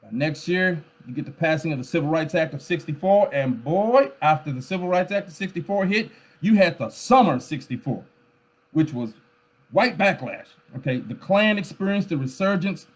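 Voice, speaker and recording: A man's voice: fairly high pitch, expressive, moderate pace. A man speaking at a forum with an emphatic, lecture-like delivery, often repeating words and checking in with the listener. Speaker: pastor and scholar speaking at a forum. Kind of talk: impassioned lecture-style talk. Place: livestreamed forum.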